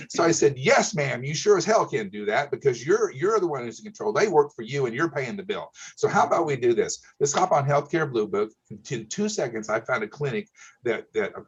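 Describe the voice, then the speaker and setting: A man's voice: mid-range voice, animated, fairly quick, husky, muffled recording. A man, an insurance broker telling client stories in a folksy, emphatic way, often checking in with "okay?". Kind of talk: casual storytelling.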